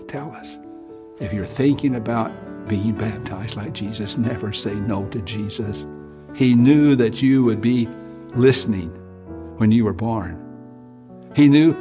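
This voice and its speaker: A man's voice: lowish voice, normal speed, vocal fry. An older man preaching an evangelistic sermon, with earnest, pleading appeals to the listener. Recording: music playing behind.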